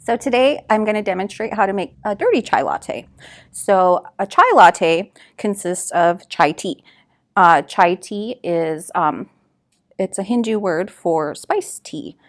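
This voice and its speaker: A woman working as a community food associate, giving a relaxed step-by-step drink-making demonstration with frequent fillers. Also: mid-range voice, measured pace. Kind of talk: cooking demonstration.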